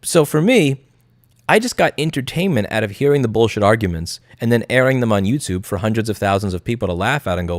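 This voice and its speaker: A man talks to his live-stream chat in a low voice that swings widely in pitch. He is blunt and profane and drops into sarcastic impressions of the people he mocks. The sound is close and dry. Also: animated, fast talker, no echo. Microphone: studio mic.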